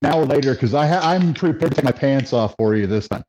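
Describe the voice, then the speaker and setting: A man who produces a casual podcast, joking about himself in relaxed banter. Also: mid-range voice, quick pace, slight background noise, poor audio. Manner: self-deprecating joker. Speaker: show producer.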